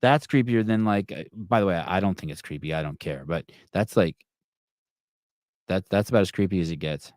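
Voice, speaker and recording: A man's voice: deep voice, moderate pace, a little mellow, dry recording, studio quality. A man hosting a podcast, chatting casually, swearing freely and stumbling through restarts as he reads viewer comments aloud. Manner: profane, rambling, self-mocking, with many stammered restarts. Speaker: podcast host. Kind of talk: casual live-stream chat, reading viewer comments.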